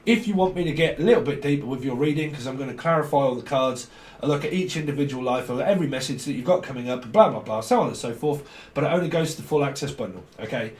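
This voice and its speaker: Racing along in a darkish mid-range voice, a man from near London gives a rambling tarot reading, swearing, chuckling and free-associating as he goes. The mic sits at a distance, so the sound is roomy.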